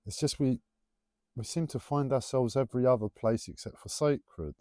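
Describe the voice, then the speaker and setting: A man's voice: mid-range voice, normal speed, a little mellow, no room sound, clean studio sound. A man livestreaming a casual, rambling spiritual monologue in a playful, teasing way.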